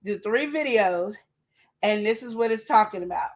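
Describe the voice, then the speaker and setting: A woman co-hosting a relationship talk show, telling stories in a lively way and acting out quotes and sound effects. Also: mid-range voice, normal speed. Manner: animated storytelling, acts out quotes and sound effects. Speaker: podcast co-host. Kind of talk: casual chat.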